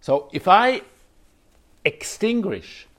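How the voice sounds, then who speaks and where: A man giving a reflective dharma talk as a Zen teacher, circling back over phrases and filling pauses with "you know". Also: high-pitched, sing-song, a bit bright.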